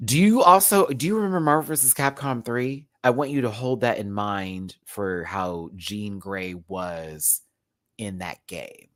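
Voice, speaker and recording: A woman's voice: very deep voice, unhurried, no echo. A woman hosting a live recap show, ranting casually and expressively, laughing often and swearing freely.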